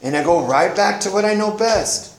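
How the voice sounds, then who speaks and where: A man's voice: high-pitched, animated, normal speed, echoey room, slight background noise, rough recording. A man giving a personal recovery testimony at a meeting, talking in a casual, slangy way that is full of "man" and "you know". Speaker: member sharing at a recovery meeting.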